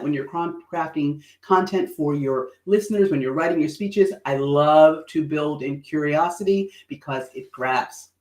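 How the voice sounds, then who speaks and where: A woman coaching public speaking on a livestream, with a playful, animated manner. She jumps into quick acted-out voices and laughs easily. Her voice rings in a roomy, echoey space. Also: low voice. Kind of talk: livestream teaching on presentation skills.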